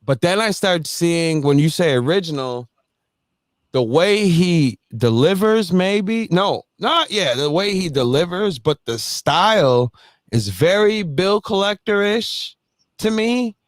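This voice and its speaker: A man hosting a casual livestream chat, animated and laughing often as he talks. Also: sits high, slow pace, no echo, clean studio sound. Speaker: host.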